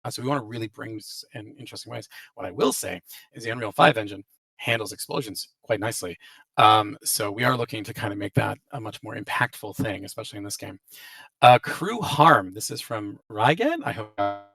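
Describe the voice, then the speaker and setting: A gravelly-voiced man hosts a loose question-and-answer session, hedging and restarting often. His voice sits a little away from the mic with a dry, robotic-sounding voice-chat quality. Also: lowish voice, expressive, brisk, sharp tone, dry recording, recorded from a distance, poor audio. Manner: hedging, many restarts and fillers. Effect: robotic glitchy audio. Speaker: game developer hosting a Q&A. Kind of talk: casual live Q&A, reading out and answering questions. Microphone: voice chat call.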